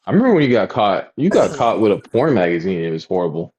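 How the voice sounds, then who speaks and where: A man's voice: quick pace, highs cut off. A man in his thirties co-hosting a podcast, telling stories in casual chat and acting out quotes. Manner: animated, acts out quotes in high voices. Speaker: podcast co-host.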